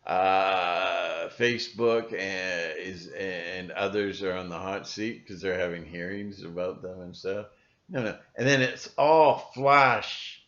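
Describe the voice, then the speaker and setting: A man's voice: on the low side, fairly bright tone, dull audio. A male video blogger ranting casually to camera, rambling and sarcastic, full of fillers and restarts.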